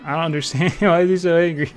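A young man giving live gameplay commentary, excitable and trash-talking, swinging between low mutters and loud shouts. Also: vocal fry. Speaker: streamer playing an online game.

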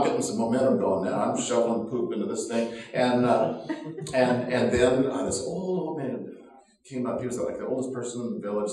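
A man's voice: mid-range voice, mellow. A man pastor telling a story in a sermon, laughing often at his own anecdote. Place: church sanctuary. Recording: very echoey room, voice from far off.

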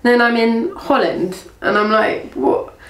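A young woman from England, a former athlete, tells her story in a chatty, rambling way, full of restarts and reported speech. Her voice sits a little low. The recording is roomy and echoey, with the mic set well back and faint noise behind. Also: normal speed, recorded from a distance. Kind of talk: casual storytelling interview.

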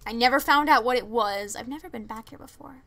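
A woman's voice: a little high, quick pace, creaky, pushed and bright. A young woman streaming a game, chatting casually, reading chat messages aloud and laughing often.

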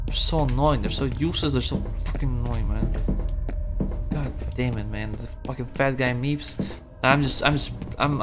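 A young man giving profane, rambling, mock-angry commentary while playing a video game. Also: mid-range voice. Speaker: gaming streamer. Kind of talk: let's play commentary. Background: game music and gunfire.

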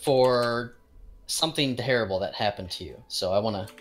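A man's voice: medium pitch, moderate pace, soft background music. A man narrating and explaining scenes as game master in a casual, rambling way.

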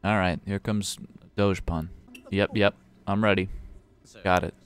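A man's voice: low-pitched, flat delivery, unhurried, smooth, soft background music. A man streaming a game show game live, commenting in a profane, ranting, exasperated way.

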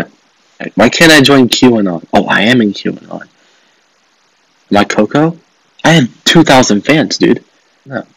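Low-voiced joking man playing a phone game. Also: no echo, poor audio. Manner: joking, sarcastic, swears, laughs often. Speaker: gaming video host. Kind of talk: playing a mobile game and commenting.

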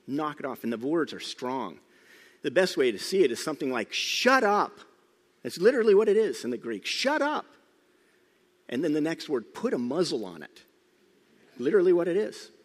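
A middle-aged man preaching a sermon, telling the story with lively emphasis, sometimes loud and sometimes hushed. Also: medium pitch. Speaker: pastor. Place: church sanctuary. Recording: church hall reverb.

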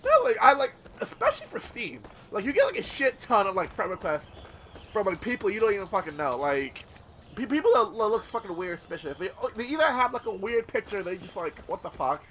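A man's voice: high voice, sing-song, fairly quick, a bit bright, a little hiss or hum. A man hosting his gaming channel, rambling in casual gameplay commentary with lots of swearing and filler words.

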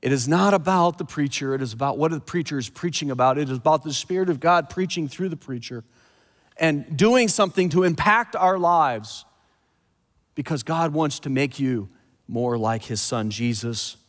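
A man with a high voice preaches in an animated way, mixing scripture reading with quick asides. His voice rings out with a long reverb trail, as if in a large church sanctuary. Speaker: pastor. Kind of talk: sermon.

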